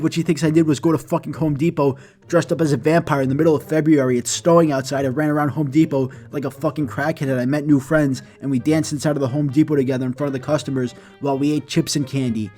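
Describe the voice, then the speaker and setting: A young man telling an animated comedy story with fast, profane, exaggerated delivery. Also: a little high.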